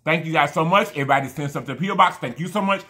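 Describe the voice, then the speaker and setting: Talking very fast in a fairly high, sharp voice, this man eats on camera for his mukbang vlog. He chats casually and rambles effusively, repeatedly thanking his viewers.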